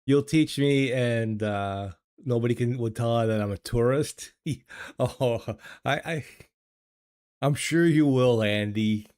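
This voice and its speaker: A man's voice: medium pitch, slow, a little mellow, smooth, no room sound, clean studio sound. An older man from the United States, hosting a casual livestream chat, talking hesitantly, repeating words and chuckling often. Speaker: livestream host reading chat. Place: home streaming studio. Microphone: desk microphone.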